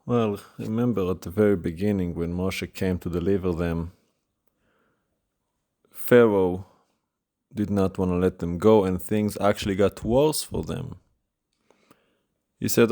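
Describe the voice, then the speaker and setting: Animated, conversational male preacher. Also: sits low, slow, creaky, pauses often. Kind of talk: sermon.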